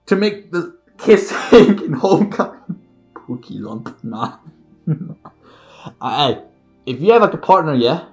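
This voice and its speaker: Animated, laughing man reacting to a film. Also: a little high. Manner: laughs often, exclaims and repeats phrases. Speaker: reaction video creator. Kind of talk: casual movie reaction commentary.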